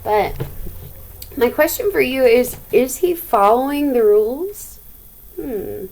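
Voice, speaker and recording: A woman's voice: sits high, animated, takes it slowly, a little mellow, poor audio. Woman teacher, story read-aloud, chatty asides to students. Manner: chatty, asks the listeners questions.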